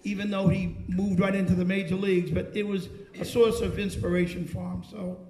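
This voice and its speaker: A man speaking to a gathering in a halting way, restarting his sentences. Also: high voice, flat delivery, vocal fry, warm tone. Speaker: friend giving a speech. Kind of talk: speech to a gathering. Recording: echoey room.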